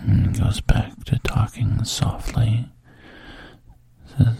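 A man telling a whispered role-play story directly to the listener, his low voice gravelly and very breathy. He speaks slowly and darkly, close to a dry mic. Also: fairly even intonation, no echo. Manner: second-person storytelling, soft and intimate. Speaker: narrator.

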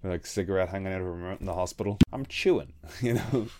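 A man's voice: sits low, steady tone, fast, darkish tone, no echo. A man hosting a casual podcast chat, rambling and swearing freely. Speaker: podcast host.

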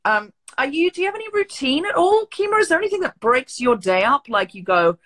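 A woman hosting a podcast interview, chatting casually, hesitant and quick to laugh. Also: sits high, sing-song, fairly bright tone. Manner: hesitant, restarts often, laughs easily. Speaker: podcast host.

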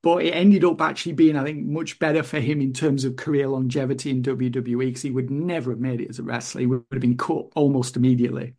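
A man's voice: mid-range voice, steady tone, quick pace, hardly any pauses, a little mellow. A man co-hosting a wrestling podcast in casual chat, blunt and a little exasperated. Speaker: podcast co-host.

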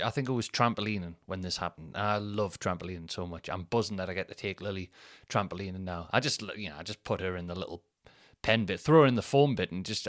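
A man's voice: sits low, no room sound, studio quality. A man, hosting a podcast and telling rambling, self-mocking comic stories. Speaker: podcast host. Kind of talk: comic storytelling monologue.

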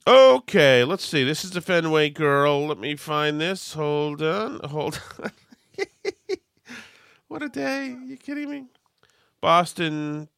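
A man hosting a political talk show, sarcastic and mocking, with quick asides and laughs. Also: a little high, animated, creaky, a bit bright, smooth, no room sound, clean studio sound. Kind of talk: casual commentary.

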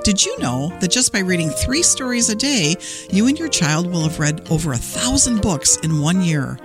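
A woman children's librarian reading a fairy tale aloud in an expressive, animated way. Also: on the low side, moderate pace, over music. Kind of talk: storytime read-aloud.

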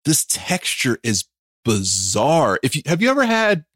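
A man's voice: on the high side, wildly swooping pitch, measured pace, a bit bright, dry recording, studio quality. A man co-hosting a podcast, chatting casually with a laughing, self-deprecating manner. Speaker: podcast co-host.

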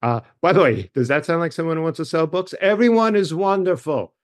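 A man's voice: on the high side, fast talker, dry recording, studio quality. A middle-aged man with a Long Island accent, a guest author in a casual interview, rambling with wry, self-mocking jokes. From Long Island, New York.

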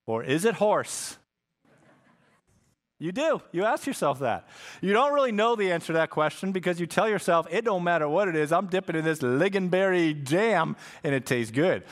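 Male pastor, slightly high-pitched, casual sermon delivery with emphatic repetition. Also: fairly bright tone. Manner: conversational, repeats phrases for emphasis. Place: church sanctuary with congregation.

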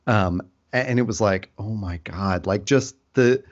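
Lower-voiced man in relaxed chat. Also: measured pace, highs cut off. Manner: relaxed, many fillers. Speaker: podcast co-host. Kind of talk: casual chat.

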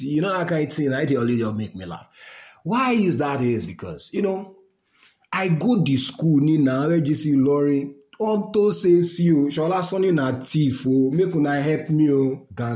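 A middle-aged man with a Nigerian accent in a casual, mocking rant, laughing as he talks to his listeners. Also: mid-range voice. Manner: mocking, animated, laughs while talking. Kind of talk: casual rant in pidgin and English.

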